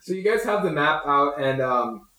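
Young male game master, slightly high voice, halting narration with many fillers, roomy echo. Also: lively intonation, bright, forceful tone. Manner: halting, full of likes and ums, laughs often. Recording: echoey room.

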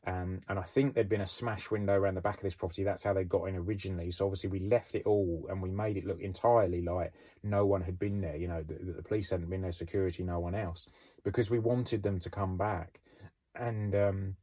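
Deep-voiced British ex-cop telling stories. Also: male voice, steady tone, a little fast, warm tone. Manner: rambling, conversational, many fillers and asides. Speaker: former police officer. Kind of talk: storytelling podcast.

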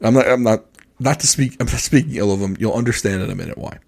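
A man on a podcast telling a rambling, animated story in casual chat. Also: mid-range voice, fast, vocal fry. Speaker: podcast co-host.

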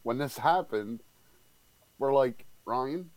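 A man co-hosting a talk show, animated and swearing, retelling anecdotes with quoted voices. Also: medium pitch, takes it slowly, dry recording, low-quality recording. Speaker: co-host. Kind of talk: casual profane banter.

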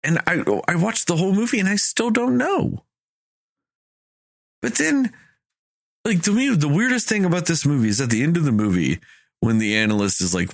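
Animated man ranting about a movie. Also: a little high, normal speed, vocal fry, long pauses, no echo, studio quality. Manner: animated, exasperated ranting with swearing and quoted dialogue. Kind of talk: casual movie review chat.

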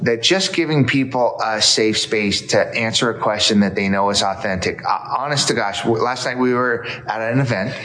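A man's voice: fairly low pitch, normal speed, few pauses, slight background noise. A man, a guest author, talking earnestly in conversation and acting out quotes as he tells stories. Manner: earnest, storytelling with animated quotes. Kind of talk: casual conversation.

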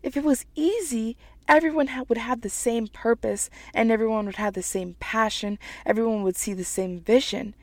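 A woman's voice: on the high side, normal speed, hardly any pauses, dry recording. A woman giving a heartfelt motivational monologue as a writer, earnest and emphatic, repeating phrases as she gets emotional and teary. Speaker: writer sharing personal reflections.

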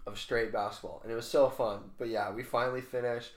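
A young man co-hosting a podcast, chatting casually and telling animated stories full of swearing. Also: mid-range voice, fairly quick. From Canada. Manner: animated storyteller, swears a lot, laughs often. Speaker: podcast co-host. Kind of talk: casual chat. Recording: roomy echo.

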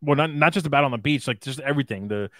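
Man, podcast co-host, casual chat, animated, mid pitch, dry close-mic sound. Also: no echo. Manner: animated, acts out scenes in quick mimicking voices.

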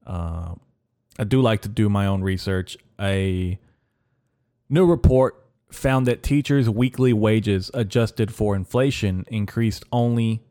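A man hosting a podcast in a rambling, deadpan comedic monologue, halting with fillers. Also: on the low side. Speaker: podcast host.

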